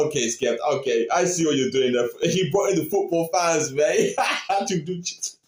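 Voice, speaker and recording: A man hosting a reaction video, chatting excitedly, laughing often and repeating his catchphrases. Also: on the high side, moderate pace, few pauses, roomy sound. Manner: animated, laughs often, repeats "you know what I mean". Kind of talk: excited casual commentary.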